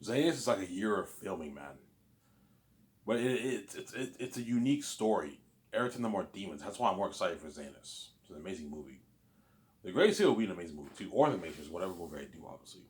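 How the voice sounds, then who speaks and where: A man's voice: sits low, big pitch swings, quick pace. A man talking to the camera in a casual monologue vlog, rambling, repeating himself and getting sidetracked. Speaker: YouTuber.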